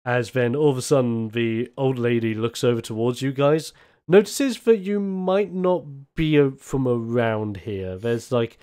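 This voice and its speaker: A man's voice: mid-range voice, measured pace, dark tone, clear, resonant tone. A man narrating as game master of a tabletop game, rambling with many fillers.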